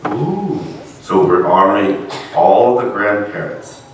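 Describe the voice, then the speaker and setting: A man giving a dharma talk as minister, explaining things gently and patiently, recorded in an echoey church hall from a distance. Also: on the low side, expressive, a little slow, a little hiss or hum. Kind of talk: dharma talk with puppet dialogue.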